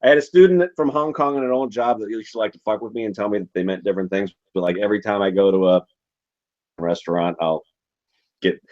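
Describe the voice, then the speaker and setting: A man co-hosting a podcast in laid-back, deadpan casual chat. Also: lowish voice, quick pace. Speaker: podcast co-host. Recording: dull lo-fi sound.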